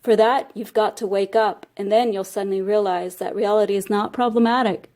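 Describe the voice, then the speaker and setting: A woman reading a spiritual text aloud, telling a fable in a measured storytelling manner. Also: medium pitch, fairly even intonation, darkish tone. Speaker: reader.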